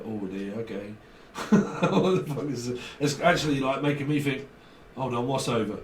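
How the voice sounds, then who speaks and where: A tarot reader sits far from the mic in an echoey room, his medium-pitched voice moving at a moderate pace over a little hiss or hum. He swears, laughs often and acts out exchanges using slang.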